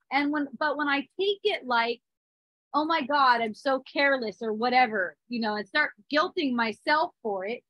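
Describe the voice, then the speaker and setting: A woman's voice: high-pitched, pushed and bright, dry recording, poor audio. A woman in her thirties giving a spiritual talk, earnest, with small restarts and frequent check-ins. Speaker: spiritual teacher. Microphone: phone or device mic.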